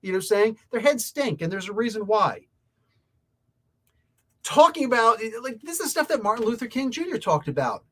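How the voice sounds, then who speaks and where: A man's voice: very high voice, sing-song, normal speed, a bit bright. Man ranting with a swinging voice. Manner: heated, rambling, talks straight to viewers. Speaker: comic book reviewer. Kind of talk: opinionated review rant.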